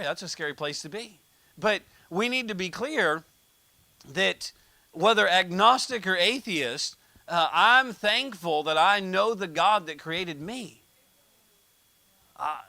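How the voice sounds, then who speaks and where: Joking American preacher, bright and dry. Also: male voice, a little high, no room sound. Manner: conversational, jokey preaching with told anecdotes. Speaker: pastor. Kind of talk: sermon.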